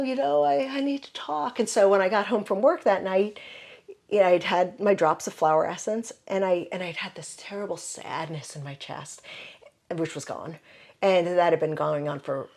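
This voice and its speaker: A woman's voice: lowish voice, moderate pace, darkish tone. An older woman herbalist with a Midwestern American accent telling stories casually in an interview, full of "you know" fillers. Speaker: herbalist guest.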